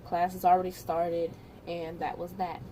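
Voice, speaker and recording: A woman vlogger casually telling a personal story, animated and chatty, often repeating herself. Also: fairly low pitch, moderate pace, slight background noise.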